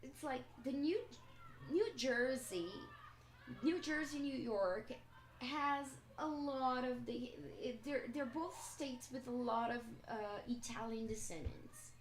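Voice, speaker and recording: Woman teacher, unhurried explanatory delivery, echoey room with faint noise. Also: high voice. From Brazil. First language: Portuguese. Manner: slow, explanatory, checks in with "okay?". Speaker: English teacher. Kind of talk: live-stream language lesson.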